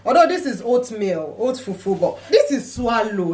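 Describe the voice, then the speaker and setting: A Nigerian woman with a Nigerian accent, a mother chatting while eating, animated and chiding. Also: medium pitch, unhurried, few pauses, far from the mic. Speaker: mother co-hosting a mukbang. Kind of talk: casual chat while eating. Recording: echoey room, off-mic, dish clatter.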